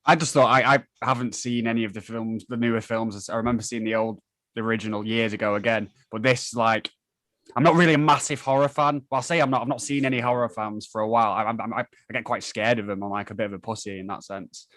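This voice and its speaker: Man, dry close sound, mid pitch, hesitant, stammering restarts, casual livestream chat. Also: fairly even intonation, fast, a bit bright, no echo.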